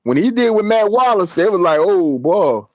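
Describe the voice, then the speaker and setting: A man's voice: high voice, lively intonation, brisk, a little mellow, no echo, dull audio. A man in a casual podcast chat, talking earnestly and rambling with restarts.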